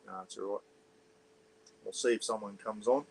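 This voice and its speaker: A man's voice: lowish voice, fairly even intonation, moderate pace, creaky, slight background noise, rough recording. An Australian man hosting a casual livestream from a caravan on an iPad, chatting loosely, greeting viewers and reading their comments aloud while keeping his voice down. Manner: keeps voice down for neighbours. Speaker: livestream host. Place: small caravan, indoors.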